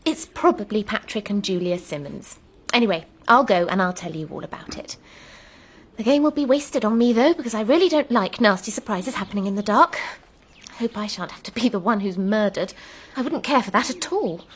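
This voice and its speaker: A timid young vicar's wife. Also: female voice, mid-range voice, lively intonation, fairly quick, breathy edge. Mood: eager. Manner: timid, eager, childlike. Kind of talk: radio drama acting.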